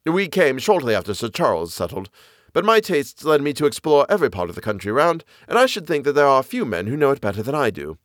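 A man voicing an eager, knowledgeable naturalist man who explains the moor with lively enthusiasm. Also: mid-range voice, fast talker, no room sound, studio quality, pitched above the performer's own voice, lightly acted. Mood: explaining.

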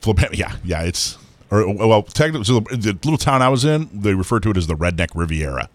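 A man from North Florida hosting a radio talk show, asking eager, quick questions. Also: on the low side, expressive, dry recording. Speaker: radio host.

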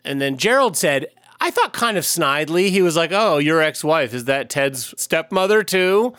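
A man's voice: fairly high pitch, moderate pace, clean tone, no room sound, studio quality. A man co-hosting a comedy podcast, telling an improvised story and dropping into mock voices when he quotes people. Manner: animated, slips into mock voices when quoting. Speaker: podcast co-host.

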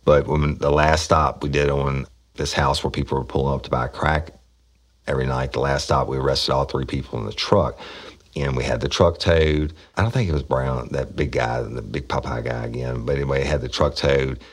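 A man's voice: a bass voice, steady tone, moderate pace. A middle-aged man, a former police officer hosting a podcast, telling stories bluntly and casually, with swearing and frequent restarts. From Louisiana, USA. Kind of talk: casual storytelling.

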